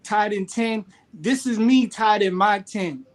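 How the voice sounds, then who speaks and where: A man, a guest on a casual chat show, speaking earnestly and motivationally, halting often with fillers. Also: sits high.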